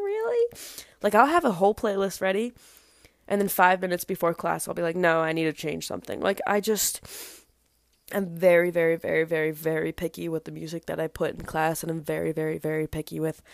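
An eighteen-year-old woman chats casually about her work as a spin instructor, full of "like" and restarts. Her voice sits a little low with plenty of gravelly fry. The sound is dry and close, with no room in it. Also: dry recording. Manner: chatty, lots of "like" and restarts. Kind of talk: casual storytelling vlog.

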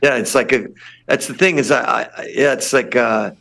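A man's voice: mid-range voice, steady tone, moderate pace, vocal fry, a bit bright. An older man, a punk singer, chatting casually as a guest, rambling with many restarts. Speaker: lead singer of a punk band, podcast guest. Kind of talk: casual interview chat.

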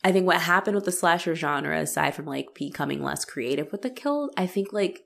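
A woman with a low-pitched voice chats in a loose, animated way. She swears freely and slips into the voices of the people she describes. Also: a little fast, gravelly. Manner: animated, profane, acts out quoted characters. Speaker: podcast co-host. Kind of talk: casual chat.

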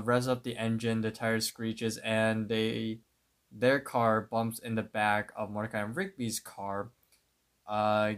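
Man, podcast co-host, lowish voice, hesitant recap. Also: a bit bright, clear, resonant tone. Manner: hesitant, restarting narration. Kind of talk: casual episode recap.

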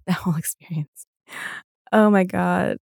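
A young woman hosts a solo podcast in a low, gravelly voice. She sounds tired and yawns now and then. She rambles on casually with lots of fillers and easy swearing. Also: darkish tone, no echo, studio quality. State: tired, yawning. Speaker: podcast host.

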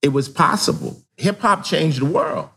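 Podcast guest: older man, slangy and profane, lively swooping pitch, a little husky. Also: normal speed. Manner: animated storyteller, slangy and profane. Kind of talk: casual conversation.

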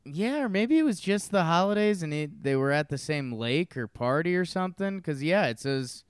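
A man casually chatting as a podcast co-host, dropping deadpan, dark one-liners. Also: on the high side, normal speed, clear, resonant tone, dry recording, studio quality. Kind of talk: casual comedic chat.

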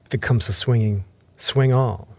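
A man reading aloud voices a gruff, drunken old sea captain who barks his demands. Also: on the low side, steady tone, a little slow, mellow, no echo. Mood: furious.

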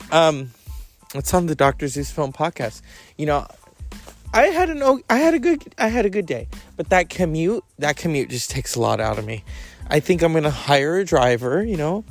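A man hosting a podcast in a loose comic monologue, profane and full of camp asides. His pitch swings widely from line to line, over faint music. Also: vocal fry. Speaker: podcast host.

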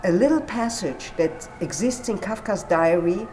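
A woman discussing literature in conversation, animated and acting out quoted dialogue. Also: medium pitch, measured pace, slight background noise. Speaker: literature commentator. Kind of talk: conversational explanation.

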